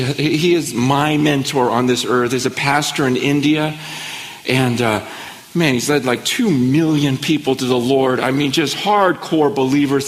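A man preaching a sermon in an excitable, conversational storytelling way. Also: a little high, in a large hall. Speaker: pastor.

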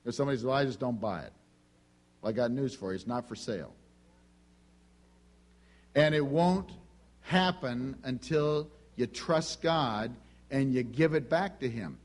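A man preaching a sermon, telling a personal story in a conversational, animated way and acting out the dialogue. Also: medium pitch, a little slow, pauses often.

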